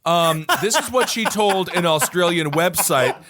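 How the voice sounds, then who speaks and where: A man's voice: high voice, animated, a little slow, fairly bright tone. A man co-hosting a comedy podcast, reading out a story in casual chat with wry joking asides. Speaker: podcast co-host.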